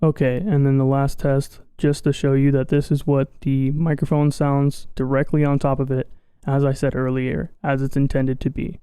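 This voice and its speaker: Dude reading test lines into a mic, super even tone, smooth clear sound. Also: male voice, mid-range voice, normal speed. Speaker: tech reviewer.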